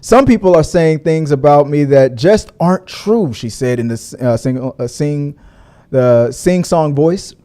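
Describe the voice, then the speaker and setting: A man hosting a casual online show, chatting loosely, laughing often and now and then breaking into high mocking voices. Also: unhurried, warm tone. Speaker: podcast host. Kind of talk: casual chat.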